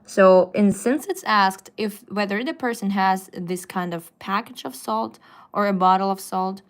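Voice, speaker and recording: Slow-paced woman teaching on a live stream. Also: mid-range voice. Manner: slow, patient explaining with frequent fillers. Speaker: Russian language teacher. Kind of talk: live-stream language lesson. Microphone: phone.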